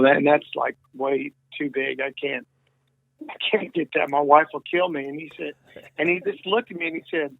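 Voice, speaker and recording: Male interview guest, rambling storyteller, dry phone-line audio, slightly higher voice. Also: a little slow, creaky, no room sound. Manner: rambling, many restarts and quoted dialogue. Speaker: guest musician.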